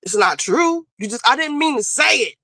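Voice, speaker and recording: A woman's voice: a little high, expressive, normal speed, pushed and bright, no room sound. A woman hosting a casual commentary stream, talking bluntly and emphatically with plenty of profanity as she lectures. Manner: emphatic, scolding. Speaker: streamer host.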